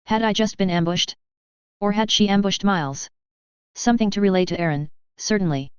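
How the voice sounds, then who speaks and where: A woman reads a first-person story in an even, measured way. Her voice is low and very smooth, and the recording is dry and a little dull. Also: no room sound. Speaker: audiobook reader.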